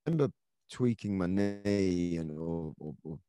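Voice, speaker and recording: A man's voice: low voice, lively intonation, unhurried, dark tone. A middle-aged man, a former footballer, telling his career story in an earnest, reflective way with many restarts. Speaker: former footballer, podcast guest. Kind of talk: conversational storytelling interview.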